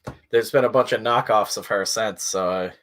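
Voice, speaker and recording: A man's voice: lowish voice, moderate pace, fairly bright tone. A man hosting a casual morning stream chat, talking loosely and rambling, with lots of "uh" and the odd curse word. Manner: rambling and loose, with frequent "uh" and swearing. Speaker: stream host.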